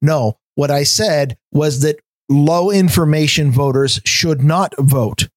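A man's voice: a little high, takes it slowly, dry recording. A man co-hosting a podcast who argues his point bluntly and defensively, swearing casually. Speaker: podcast co-host.

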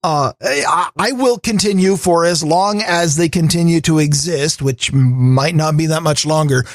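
A middle-aged man co-hosting a podcast, talking in a wry, halting way with frequent restarts. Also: fairly high pitch, dry recording. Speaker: podcast co-host. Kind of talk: casual chat.

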